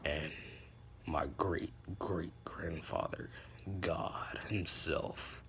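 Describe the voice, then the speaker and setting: A man voicing a young male hero turned vengeful and brooding, speaking in a slow, low, menacing whisper. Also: steady tone, gravelly, fairly bright tone, slight background noise, exaggerated voice.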